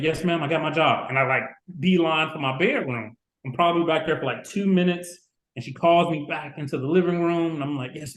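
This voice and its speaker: A man's voice: fairly high pitch, a bit bright. A man in his forties from Chicago, telling stories as a podcast guest and acting out the people he quotes. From Chicago, USA. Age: 40s. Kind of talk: casual storytelling interview. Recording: roomy echo.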